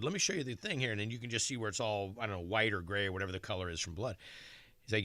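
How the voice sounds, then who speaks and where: Middle-aged guy on radio, bright punchy voice, dry studio sound, acts out everyone in his stories. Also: on the low side, racing, dry recording. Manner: animated, tells stories acting out other people's lines. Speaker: celebrity chef guest. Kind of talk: radio interview storytelling.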